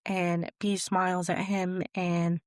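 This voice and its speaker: Chatting through a film recap, this young adult podcast host keeps falling back on "basically" and "type of thing." She speaks slowly in a fairly low voice that barely varies in pitch, and the studio recording has no echo.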